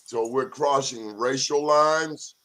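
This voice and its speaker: A man's voice: medium pitch, slow pace, a bit bright. A man co-hosting a talk show in casual chat, joking and teasing his guest.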